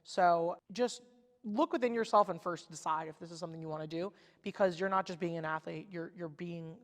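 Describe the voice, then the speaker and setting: A young woman, a former college softball pitcher and podcast guest, talking casually and telling stories with lots of "like" fillers. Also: a little fast. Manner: chatty, lots of "like" fillers, lively storytelling. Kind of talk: casual chat. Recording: long echoey reverb.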